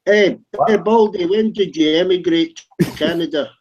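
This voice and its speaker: Slightly high-voiced man teasing friends, muffled lo-fi call sound. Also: moderate pace, a little mellow. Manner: teasing, crude jokes. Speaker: call participant. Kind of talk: casual group call banter. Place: online group video call. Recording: dull lo-fi call audio.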